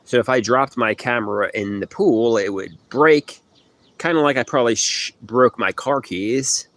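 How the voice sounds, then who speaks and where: A man's voice: medium pitch, normal speed, fairly bright tone. A man chatting in a rambling way on a phone livestream from an outdoor swimming pool, putting on a mock New York accent. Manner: rambling, hums and sings snippets. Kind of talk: casual livestream chat answering comments. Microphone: phone camera.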